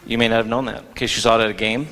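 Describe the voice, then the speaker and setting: Man, casual award speech, joking, hesitant with ums, forceful bright voice, echoey auditorium. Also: medium pitch, flat delivery, very fast. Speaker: theater director presenting awards. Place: school auditorium. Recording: long reverb of a large hall.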